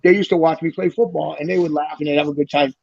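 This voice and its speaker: A middle-aged man tells his stories at a rapid clip, swearing freely and punching up quoted lines. His voice sits a bit high. The recording is dry and dull, like a lo-fi podcast. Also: fairly even intonation, creaky, dry recording. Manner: rambling storyteller, swears freely, acts out quotes loudly. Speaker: guest telling prison stories. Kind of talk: casual chat.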